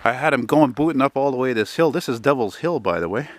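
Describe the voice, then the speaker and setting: A middle-aged man from Canada talks into a handheld camera as he strolls down a residential street. His voice sits at an ordinary mid pitch, and his chatter is loose and meandering, wistful about the old days and peppered with swearing. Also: animated, quick pace, no room sound. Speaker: vlogger. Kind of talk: casual walking vlog narration.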